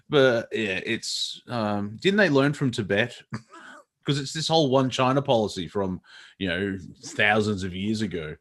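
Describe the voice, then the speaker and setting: A man's voice: on the low side, lively intonation, a little slow, a bit bright. A man co-hosting a casual comedy show, rambling and irreverent, often breaking into laughter mid-sentence. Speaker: co-host.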